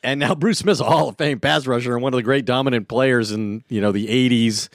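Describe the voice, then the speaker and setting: A male sports reporter talking on a podcast in a steady, knowing manner. His pitch is ordinary for a man, and the recording is close and dry. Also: no echo. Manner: measured, informed, adds inside details. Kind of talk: casual sports podcast chat.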